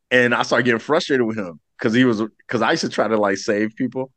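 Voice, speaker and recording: A man's voice: mid-range voice, fast, hardly any pauses, no room sound. A man hosting a podcast, telling stories in a casual chat, laughing often and acting out the people he quotes. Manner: animated, laughing, acts out quoted voices. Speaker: podcast host.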